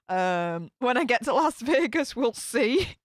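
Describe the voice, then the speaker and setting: A woman's voice: fairly high pitch, big pitch swings, a little slow, no echo, studio quality. A woman with a Yorkshire accent chatting casually with her live-stream viewers, rambling with lots of fillers and restarts. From Northern England. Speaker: YouTube commentator reading live chat.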